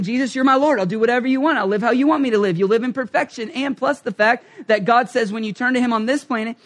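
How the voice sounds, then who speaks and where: A male preacher giving a passionate sermon, emphatic and swinging from hushed asides to loud calls, often acting out short prayers and quoted lines. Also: extremely high pitch.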